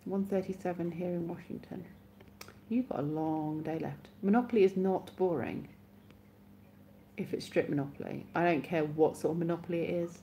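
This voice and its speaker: A woman's voice: fairly low pitch, moderate pace, warm tone, slight background noise. A woman hosting a live stream, chatting casually with her viewers, sleepy and yawning, giggly and self-mocking.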